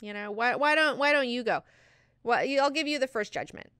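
A woman's voice: on the high side, moderate pace, a bit bright, clear, resonant tone, no room sound, clean studio sound, voice pushed up, close to an everyday voice. A woman voicing an imperious, scheming young female ruler who is bratty and demanding. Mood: petulant demanding.

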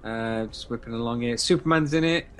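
A man's voice: medium pitch, brisk, fairly bright tone. A man co-hosting a fan podcast, chatting enthusiastically, repeating himself with plenty of fillers. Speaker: podcast co-host. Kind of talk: casual podcast chat.

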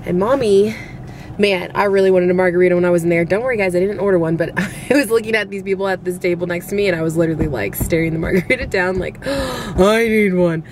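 A woman's voice: fairly low pitch, steady tone, fast. A young woman vlogging with her kids, chatty and playful, laughing often, filmed on a handheld camera. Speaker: vlogger mom. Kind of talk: casual family vlog. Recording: loud crowd and street noise.

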